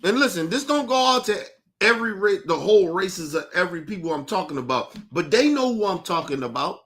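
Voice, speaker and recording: A man delivering a heated, profane rant as a podcast host, shouting and repeating himself. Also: sits high, animated, brisk.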